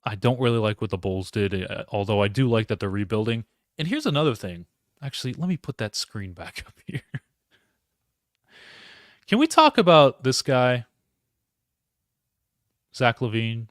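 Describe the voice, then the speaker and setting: A man's voice: medium pitch, expressive, moderate pace, long pauses, dry recording, studio quality. A man hosting a live solo sports reaction stream, rambling, interrupting himself and talking to his chat. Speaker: podcast host.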